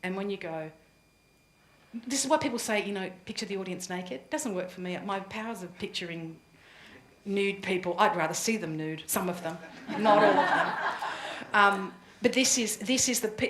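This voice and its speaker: A woman coaching a room full of people in a live workshop, chatty and quick to laugh. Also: medium pitch. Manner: lively, chatty, laughs easily. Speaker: presentation coach. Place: room with an audience. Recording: echoey room.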